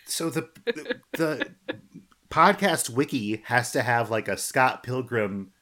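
A man's voice: mid-range voice, lively intonation, takes it slowly, pushed and bright. A man hosting a podcast in casual, joking conversation with his co-hosts. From American, living in Australia. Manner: playful, joking. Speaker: podcast host. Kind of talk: casual chat.

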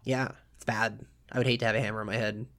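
A man narrating a tabletop game as game master, relaxed and halting, with many fillers. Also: lowish voice.

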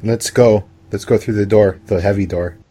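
A man's voice: fairly low pitch, fairly even intonation, normal speed, mellow, husky. A man co-hosting a podcast, playing a game in casual chat with hesitant, dry humor. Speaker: podcast co-host, player.

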